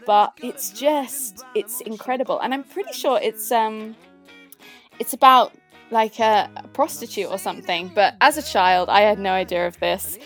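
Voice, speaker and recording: A young woman from the south of England with a posh accent, chatting casually and cheerfully about her favourite songs, lively and quick to laugh. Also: on the high side, faint music behind. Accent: posh southern English. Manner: chirpy, lively, laughs often. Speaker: guest sharing favourite songs. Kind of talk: casual chat.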